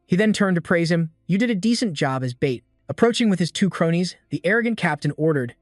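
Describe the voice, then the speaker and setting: A man reading a scripted story recap as narrator, in an even, steady delivery. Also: fairly high pitch, fairly quick, no room sound, studio quality. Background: faint background music.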